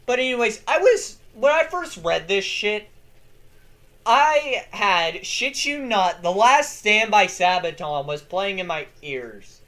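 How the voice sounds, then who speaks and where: Hoarse young lore channel host. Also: mid-range voice, slow. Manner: excitable, swears freely. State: hoarse from yelling. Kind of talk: casual commentary.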